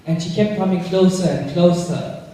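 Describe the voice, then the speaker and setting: A man with a South African accent doing a stand-up comedy set in a club, telling stories deadpan and landing punchlines with crude swearing. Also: high-pitched, moderate pace. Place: comedy club stage before a live audience. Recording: echoey club, voice from far off.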